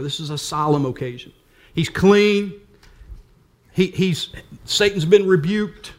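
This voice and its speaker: A man's voice: on the high side, measured pace. An older man preaching a sermon as pastor, earnest and emphatic, with repeated phrases.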